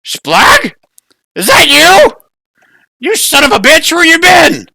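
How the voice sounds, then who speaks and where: A man voicing a rowdy little goblin bandit, loud and brash in a high voice. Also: huge pitch swings, slow pace, vocal fry, dry recording, heavily acted. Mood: surprised.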